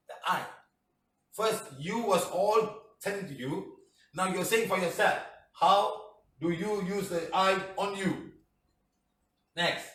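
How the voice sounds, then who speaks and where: High-voiced man teaching in a roomy hall. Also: slow, long pauses, a bit bright. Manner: emphatic, repetitive, acts out phrases. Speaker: healing workshop teacher. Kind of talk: class lecture. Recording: roomy hall from a distant mic.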